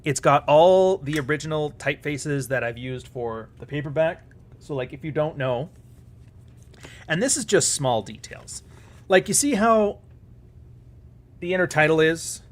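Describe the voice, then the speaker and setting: A man's voice: fairly high pitch, lively intonation, normal speed, long pauses. A man hosting a live stream, chatting casually in a profane, sarcastic and rambling way.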